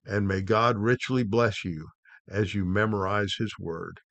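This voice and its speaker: A middle-aged man giving a devotional Bible teaching, unhurried, often pausing with "uh" and restarting phrases. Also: lowish voice, vocal fry, a bit bright, dry recording. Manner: unhurried, with frequent "uh" pauses and restarts.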